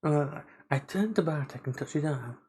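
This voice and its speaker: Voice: medium pitch, normal speed, warm tone, slightly rough, rough recording. A streamer on a live game play-through, reading the story text aloud and stopping to comment, often stumbling over and restarting words.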